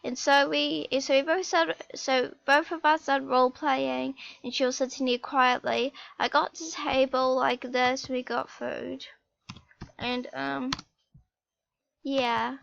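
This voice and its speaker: A young female vlogger retelling a story in a rambling, halting way, often restarting her sentences. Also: high voice, flat delivery, gravelly, fairly bright tone, no echo, highs cut off. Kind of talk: storytime vlog.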